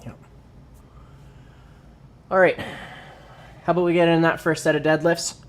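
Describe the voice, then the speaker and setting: A man's voice: a little high, level tone, measured pace, slight background noise. A young man chatting casually on a livestream from his home workout space, reading viewer comments aloud and answering them. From Canada. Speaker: livestreamer and lifter.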